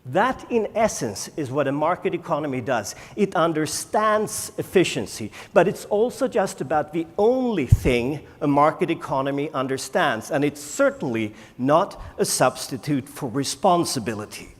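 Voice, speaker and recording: A man, a native Swedish speaker, giving a conference keynote and firing rhetorical questions at the audience with dramatic pauses. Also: fairly high pitch, big pitch swings. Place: large conference hall. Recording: echoey conference hall.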